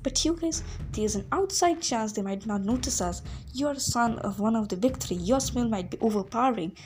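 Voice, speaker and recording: Woman voicing a brave quick-thinking girl. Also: fairly high pitch, animated, darkish tone, slight background noise, close to an everyday voice. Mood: urgent.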